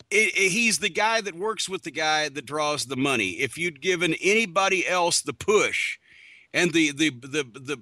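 A man's voice: a little high, bright, forceful tone, dry recording. A man on a podcast as a guest, telling rambling sarcastic stories over a video call. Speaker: podcast guest, wrestling personality. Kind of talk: casual podcast interview.

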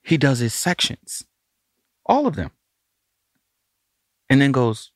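Animated man telling a studio story. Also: medium pitch, takes it slowly, pauses often, no room sound. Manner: animated, acts out the voices of others in his story. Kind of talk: casual storytelling on a podcast.

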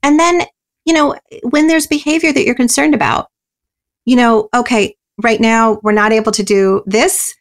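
A woman guest in an interview, explaining parenting ideas earnestly and often pausing with "you know" and "um". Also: a little high, fairly even intonation. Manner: earnest and explanatory, many you-knows and ums. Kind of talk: interview answers.

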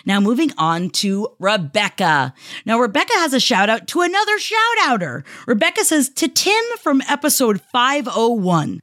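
A woman's voice: sing-song, normal speed, no echo. Podcast host, female, reads listener letters with big emotional swings; dry studio mic. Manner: warm, emotional, heartfelt delivery with sudden pitch swings. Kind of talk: reading listener shout-outs aloud.

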